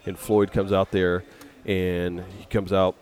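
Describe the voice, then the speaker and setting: A man with a very low voice tells stories in a relaxed, rambling way. He slips into little acted quotes as he goes. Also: slow pace. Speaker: podcast guest. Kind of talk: casual storytelling.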